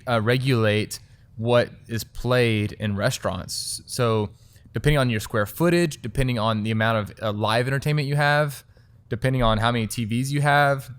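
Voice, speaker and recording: A man's voice: medium pitch, clean tone. A man with a Texan accent, a restaurant owner and chef, talking casually as an interview guest, wry and full of "like" fillers. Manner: chatty, frequent "like" fillers, wry.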